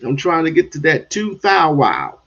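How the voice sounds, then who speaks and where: A man's voice: fairly high pitch, sing-song, moderate pace, gravelly, a bit bright, muffled recording. A man hosting a livestream, talking bluntly and in a drawl straight to his chat. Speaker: livestream host. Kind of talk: livestream commentary.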